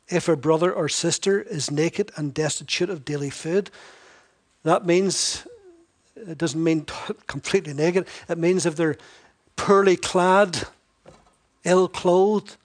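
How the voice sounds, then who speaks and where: High-voiced man preaching a sermon. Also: fairly even intonation, slow, pauses often. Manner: emphatic, repetitive, wry asides. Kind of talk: expository sermon.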